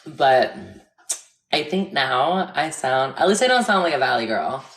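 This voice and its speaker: Very low-voiced woman, echoey room. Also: animated, a little slow. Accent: general American. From Florida. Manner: chatty and giggly, with playful swearing. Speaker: livestreamer. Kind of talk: casual chat with live viewers. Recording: echoey room with loud noise.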